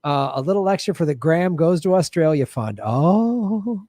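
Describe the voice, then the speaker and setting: A man's voice: on the high side, quick pace, warm tone, no room sound, clean studio sound. A male livestream host in casual sign-off chat, loose and chatty, laughing often and thanking viewers by name.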